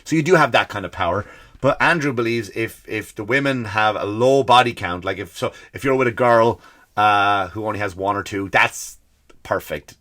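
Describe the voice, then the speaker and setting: A man's voice: lowish voice, normal speed. Profane ranting man, Irish-American accent. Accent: mixed Irish and American. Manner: profane, animated, exasperated ranting. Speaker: comedy podcast host. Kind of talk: ranting comedy podcast monologue.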